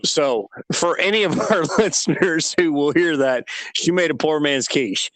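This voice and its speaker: A man in his thirties telling a personal story in casual conversation, animated and laughing at himself. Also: on the high side, a little slow, dry recording. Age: 30s.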